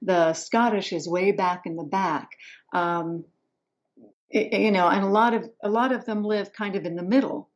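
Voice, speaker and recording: A woman audiobook narrator from the Ozarks is a guest on an interview. She explains things in a measured, patient way, speaking over a video call. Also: mid-range voice. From the Ozarks, southern United States. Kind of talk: interview answers. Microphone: remote call on video.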